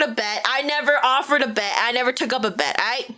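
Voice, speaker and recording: A woman's voice: fairly high pitch, a little fast, hardly any pauses. A young woman with a Valley Girl accent, chatting casually as a live-streaming VTuber and peppering her talk with "like". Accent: Valley Girl Californian. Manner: chatty, heavy use of "like", animated.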